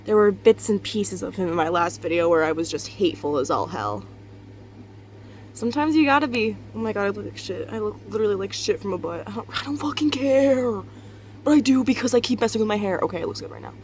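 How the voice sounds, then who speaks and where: A woman's voice: mid-range voice, animated, quick pace, a little mellow, a little hiss or hum. A young woman, tired and just out of bed, rambling candidly in a casual confessional vlog from her bedroom, swearing and laughing often. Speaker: vlogger. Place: bedroom at home.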